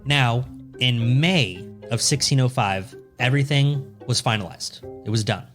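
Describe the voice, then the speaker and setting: A man's voice: mid-range voice, unhurried, soft background music. A man co-hosting a podcast, telling a history story in a loose, joking way and swearing freely. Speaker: podcast co-host. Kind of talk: casual storytelling chat.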